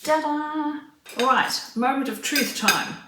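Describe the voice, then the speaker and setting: A woman talks her way slowly through a home cooking vlog, chatty and unhurried as she stirs and tastes. She sounds a little way off the mic in a roomy kitchen, with faint clinks of dishes and cutlery behind her. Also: mid-range voice, distant mic, background noise. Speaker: cooking vlogger. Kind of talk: casual cooking vlog narration.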